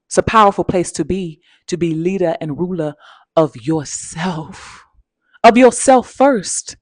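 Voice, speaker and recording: A woman's voice: low voice, steady tone, measured pace, no room sound. A woman giving an emphatic, repetitive motivational talk as a spiritual coach, using pet names and a preacher-like cadence. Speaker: spiritual coach and channel host.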